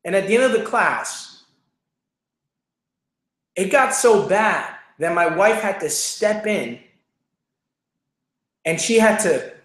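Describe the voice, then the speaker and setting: A man's voice: sits high, reverberant. A young man hosting a show, telling a motivational personal story in an earnest, repetitive way with many fillers. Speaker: show host, speaker.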